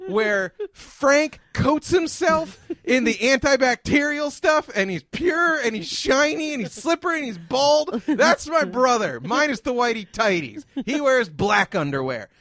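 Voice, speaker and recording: A man hosting a podcast, ranting with lots of profanity and often breaking into shouts. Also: extremely high pitch, big pitch swings, measured pace, no echo. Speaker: podcast host.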